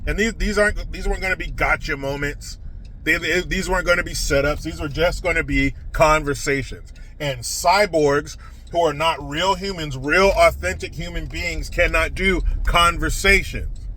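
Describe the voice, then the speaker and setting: A man's voice: fairly high pitch, normal speed, pushed and bright, slight background noise. A man giving a scornful, mocking political rant while sitting in a car. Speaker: political commentator. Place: inside a car.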